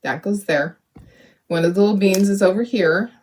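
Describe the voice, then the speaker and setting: A woman's voice: medium pitch, normal speed, darkish tone, slight background noise. A woman hosting a live crafting demo, talking herself through each step, upbeat and self-deprecating, laughing often. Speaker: craft livestream host.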